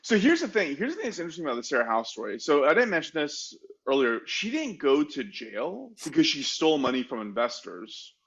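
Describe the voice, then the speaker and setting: A man's voice: a little high, wildly swooping pitch, brisk, gravelly, few pauses, fairly bright tone, dull audio. A man co-hosting a podcast, telling a history story in a casual, chatty way, full of "like" fillers and self-mocking asides. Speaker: podcast co-host.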